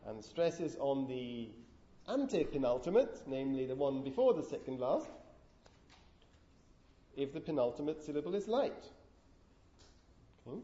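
A man's voice: mid-range voice, sing-song, normal speed, pauses often, warm tone. A man giving a university lecture on linguistics, explaining step by step and putting questions to the class. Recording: echoey, dull lecture room recording.

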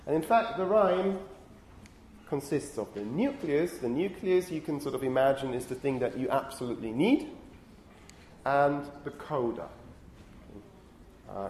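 A man's voice: medium pitch, darkish tone. A man lecturing on phonetics in a lecture hall, punctuating points with "okay?" and scolding talkative students. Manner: frequent "okay?" checks, stern with chatty students. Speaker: university lecturer. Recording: echoey lecture hall, faint room noise.

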